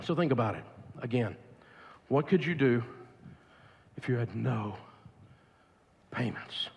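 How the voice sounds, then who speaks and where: Before a live audience in a large event venue, a Southern US man delivers a blunt, emphatic, preachy money seminar as a financial speaker. His medium-pitched voice is animated yet slow, gravelly, a little mellow, and breathy. A long hall reverb from the big space fills the recording.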